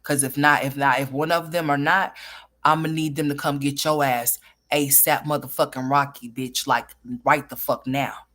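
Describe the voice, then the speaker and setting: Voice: medium pitch, fairly even intonation, normal speed, fairly bright tone. A commentary host reacting to clips with brash, profane, mocking talk.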